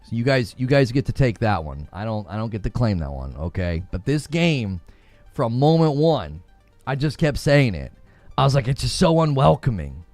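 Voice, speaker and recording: A man's voice: medium pitch, sing-song, moderate pace, darkish tone, dry recording, faint music behind. A man streaming live, chatting with viewers and laughing often as he acts out mock dialogue. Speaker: gaming streamer.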